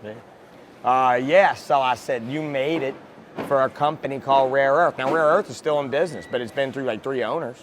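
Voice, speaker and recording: A man's voice: medium pitch, moderate pace, crowd noise. A man guest in a casual interview, a reptile breeder who talks bluntly and swears freely, recorded outdoors. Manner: blunt, profane and excitable.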